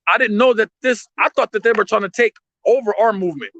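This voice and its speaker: A man's voice: high-pitched, quick pace, creaky, fairly bright tone, dry recording, lo-fi sound. A man talking emotionally and emphatically on a livestream from his street stand, in slangy street talk. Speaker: street artist and vendor, livestream guest.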